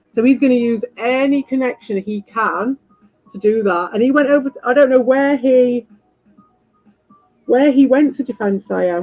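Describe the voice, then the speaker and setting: A woman streamer in a casual ranting chat, animated, swearing freely and repeating herself. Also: a little high, no room sound, highs cut off. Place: home.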